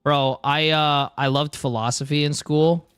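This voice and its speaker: Rambling, profane young guy, slightly high. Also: steady tone, a little slow, a bit bright, clean tone, no room sound, clean studio sound. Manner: rambling and profane, with constant "dude" and "bro". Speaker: livestreamer. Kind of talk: casual stream chat.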